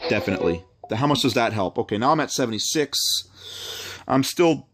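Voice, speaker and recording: A man doing let's play commentary, thinking out loud and reading the game's text aloud in a chatty way. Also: mid-range voice, animated, fairly quick. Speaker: game streamer.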